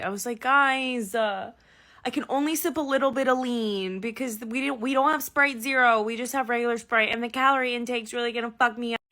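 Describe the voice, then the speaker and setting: A woman's voice: fairly high pitch, sharp tone. A young woman, ranting comedically to her phone camera in a brash, profane, riffing way. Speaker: TikTok comedian. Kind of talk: casual comedic rant to camera.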